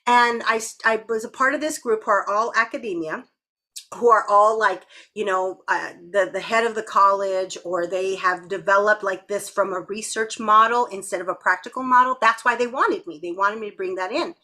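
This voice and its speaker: A woman's voice: medium pitch, normal speed, pushed and bright. A woman co-hosting a podcast, chatting candidly, swearing freely and laughing often. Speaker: podcast co-host. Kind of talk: casual chat.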